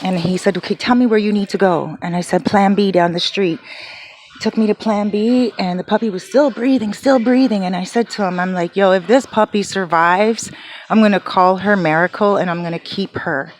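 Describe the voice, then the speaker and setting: A woman's voice: mid-range voice, moderate pace, a little hiss or hum. A woman vlogging from home near her garden, telling an emotional story casually, full of quoted dialogue and fillers.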